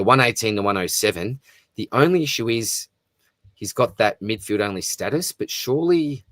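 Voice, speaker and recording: This fantasy football live stream host has a fairly low, fairly bright voice, captured in clean studio sound with no echo. He chats casually, answers viewer comments, and calls everyone "mate."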